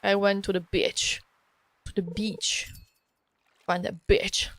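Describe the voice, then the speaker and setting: A woman's voice: mid-range voice, flat delivery, slow, fairly bright tone. A woman from Italy speaking with an Italian accent, chatting casually and playfully with viewers on a live stream and laughing often.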